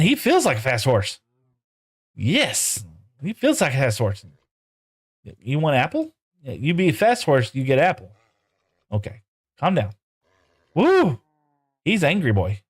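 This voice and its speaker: A man live-streaming a game, chatting casually with viewers and coaxing his in-game horses in playful broken talk. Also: medium pitch.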